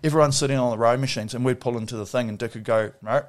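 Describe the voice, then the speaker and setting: Blunt New man, interview guest, swears freely, animated storyteller, mid-pitched voice. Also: racing. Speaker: interview guest, former Olympic rower. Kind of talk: casual interview chat.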